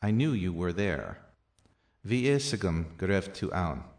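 A man teaching a language lesson, reading out practice sentences and their translations slowly and deliberately, with softer asides. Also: very animated. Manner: slow and deliberate, with soft low asides.

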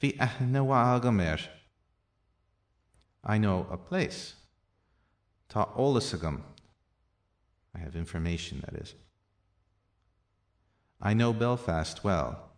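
A man teaching a language lesson, reading out practice sentences and their translations slowly and deliberately, with softer asides. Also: expressive. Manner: slow and deliberate, with soft low asides.

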